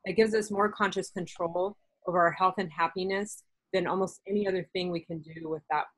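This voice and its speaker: A woman's voice: fairly low pitch, steady tone, a little fast, a bit bright, breathy edge, no room sound, poor audio. A woman hosting a wellness interview, explaining things in a chatty way full of fillers. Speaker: podcast host, doctor. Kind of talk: casual conversational interview.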